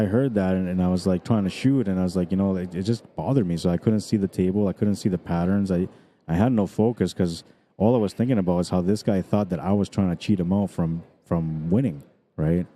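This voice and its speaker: Low, dark-voiced man with a dry throat. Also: a little hiss or hum. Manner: rambling, chatty, many fillers. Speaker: pool stream commentator. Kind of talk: casual live commentary.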